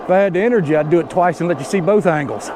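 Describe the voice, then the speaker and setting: A middle-aged man, puffing and out of breath, giving folksy commentary while riding an e-bike outdoors on an action camera mic. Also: a little high. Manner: folksy, slow drawl with rural Southern phrasing. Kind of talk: casual ride commentary. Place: outdoors on a road, riding uphill. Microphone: action camera mounted on a stick. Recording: outdoor wind and traffic noise.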